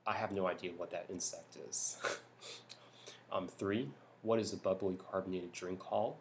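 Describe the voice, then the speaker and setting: Soft-spoken deep-voiced young man. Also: fairly even intonation, normal speed, a little hiss or hum. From California, United States. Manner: hushed, speaking softly; rambling with many ums and restarts. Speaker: YouTuber. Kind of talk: soft-spoken vlog talk. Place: home at night.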